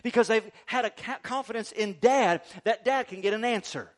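A middle-aged male pastor preaching a sermon, swinging from quiet talk to loud shouted quotes. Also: high voice, normal speed.

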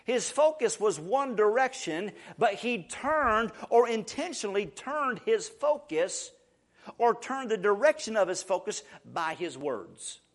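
High-pitched guy preaching a sermon, keeps repeating words, goes quiet then loud. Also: big pitch swings, unhurried. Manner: repeats words while building emphasis. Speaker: pastor.

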